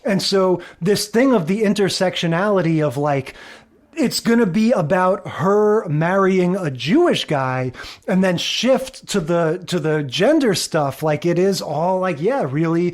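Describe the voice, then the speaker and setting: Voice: medium pitch, animated, unhurried. A podcast co-host in a casual chat, giving thoughtful, reflective commentary on an old sitcom and agreeing often.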